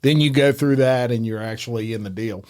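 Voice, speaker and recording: A man's voice: medium pitch, brisk, a little mellow. A man hosting a podcast in casual chat, retelling a story emphatically and swearing casually. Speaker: podcast host.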